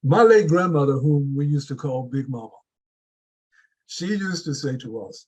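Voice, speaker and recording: A man giving a deliberate motivational speech to a club audience, building his points with repeated rhetorical questions. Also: fairly high pitch, expressive, a little mellow, low-quality recording. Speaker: club speaker.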